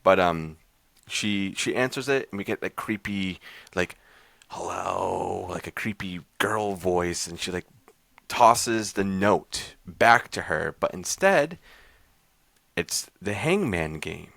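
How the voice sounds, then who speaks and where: A man's voice: low voice, animated, slow, a bit bright, no echo. A man hosting a podcast, casually recapping a horror short film in a rambling, loose way full of fillers. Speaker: podcast host reviewing horror short films.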